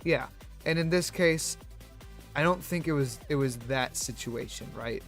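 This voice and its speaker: A man streaming, telling a story in a rambling, animated way with many restarts and fillers. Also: fairly high pitch, unhurried, faint music behind. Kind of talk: casual storytelling on a live stream.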